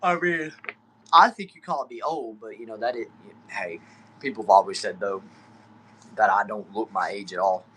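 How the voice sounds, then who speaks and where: A man's voice: on the low side, normal speed, fairly bright tone, slight background noise. A young man from Texas with a Southern accent, chatting easygoing on a livestream from a small back shed, reading viewer comments and saying y'all and bro. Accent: Southern US, Texan. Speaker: livestream host.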